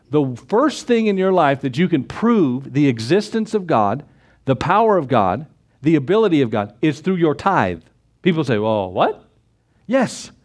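Man, pastor, sermon, fairly high voice, emphatic, rhetorical questions, conversational asides. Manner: emphatic, swings between loud exclamations and low asides.

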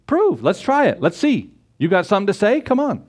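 Preaching with brisk delivery and big swings in pitch, this pastor quotes scripture and poses rhetorical questions. His voice alternates between forceful outbursts and low, chatty asides.

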